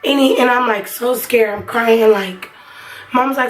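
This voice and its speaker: A woman's voice: fairly high pitch, unhurried, far from the mic, faint music behind, rough recording. A young woman vlogger telling a personal story in a casual, rambling way with lots of fillers. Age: young adult. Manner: chatty, rambling, many fillers.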